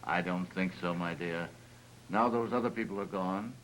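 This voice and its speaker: A brooding older man speaks softly and pleadingly in a deep voice. This is 1930s film acting. Faint hiss sits under an old soundtrack. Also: normal speed, low-quality recording. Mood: calm. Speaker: house owner.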